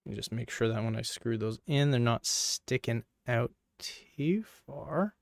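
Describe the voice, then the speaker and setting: A man with a gravelly, creaky edge to his voice, chatting casually and playfully as he works through a hands-on build. He jokes with his viewers and mutters to himself along the way. The sound is dry and close, with no room echo. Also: medium pitch, animated, a little slow. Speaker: PC hardware video creator. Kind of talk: casual running commentary while working.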